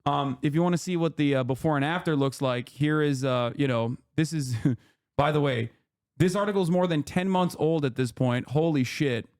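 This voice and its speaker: Male streamer host, casual commentary, emphatic, swears a lot, slightly higher pitch. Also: moderate pace, darkish tone, smooth. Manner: heated, swearing, emphatic rants.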